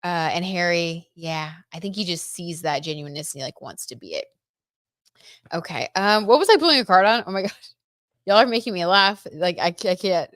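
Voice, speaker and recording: A young woman with a fairly low voice reads tarot cards on a casual livestream, chatting with her viewers and breaking into giggles. Her voice sounds close and dry, with no room around it. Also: animated, a little fast, fairly bright tone, dry recording. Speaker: tarot reader and livestream host.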